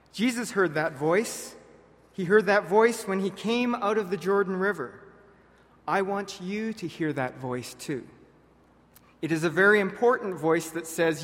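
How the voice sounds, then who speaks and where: A man preaching a sermon to his congregation, earnest and direct, often dropping soft on key words. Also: high-pitched, unhurried. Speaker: pastor. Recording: long reverb of a large hall.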